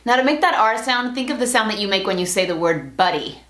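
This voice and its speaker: A young woman teaching pronunciation in a bilingual lesson, speaking with clear, deliberate enunciation. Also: mid-range voice, animated, fairly bright tone, echoey room. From Latin America. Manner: clear, deliberate enunciation, switching between English and Spanish. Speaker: language teacher.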